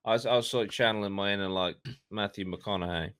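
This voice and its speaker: A man with a bright, forceful voice, recorded dry and close. He hosts a casual podcast, reading from his notes and breaking off into swearing, joking asides. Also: on the low side, steady tone, fairly quick, no room sound. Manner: reads aloud with swearing, jokey asides. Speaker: podcast host.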